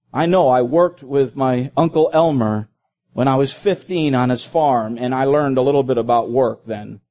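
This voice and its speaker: A middle-aged man, a pastor, preaching an earnest sermon and slowing down when he quotes scripture. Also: medium pitch, mellow.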